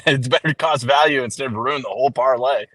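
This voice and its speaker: A man co-hosting a casual sports stream who tells stories in an animated, loose way and swears freely. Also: medium pitch, brisk, no room sound, rough recording. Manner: animated storyteller, loose and profane.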